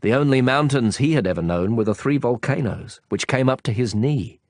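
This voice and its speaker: A man narrating an audiobook, telling the story slowly and expressively. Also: mid-range voice, a little mellow, no echo, studio quality. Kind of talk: scripted narration.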